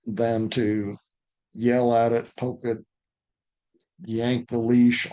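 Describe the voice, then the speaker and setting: A man of middle pitch taking his time, answering viewers' questions about dog training in a live online session. He talks in a loose, conversational way and acts out the lines he would say to a dog. It comes through a video call. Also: darkish tone.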